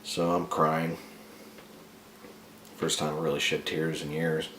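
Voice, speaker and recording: A man telling a dark, comic story about himself in a crude, profane, rambling way. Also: extremely low pitch, level tone, takes it slowly, echoey room, a little hiss or hum.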